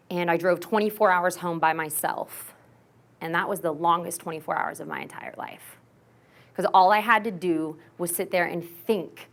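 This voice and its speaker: A young woman from Texas gives a candid, animated keynote story. She leans heavily on "like" and acts out the voices she quotes. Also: on the low side. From Texas, USA. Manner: candid and self-mocking. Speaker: motivational keynote speaker. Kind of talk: personal storytelling talk.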